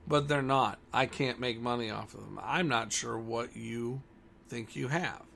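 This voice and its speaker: A man's voice: medium pitch, unhurried, creaky, a bit bright, slight background noise. A man who owns a comic store, talking bluntly and combatively in a ranting monologue.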